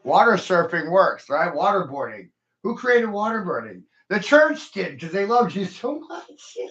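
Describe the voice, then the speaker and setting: A man's voice: high-pitched, very animated, a little slow, fairly bright tone, lo-fi sound. Profane ranting man, echoey room. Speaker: podcast host. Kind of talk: casual podcast rant.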